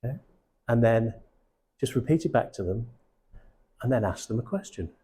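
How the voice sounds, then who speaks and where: A man's voice: medium pitch, expressive, normal speed, warm tone, slight background noise. A middle-aged man coaching recruiters, blunt and casual, swearing freely and checking in with his audience. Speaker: sales coach. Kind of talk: live coaching session.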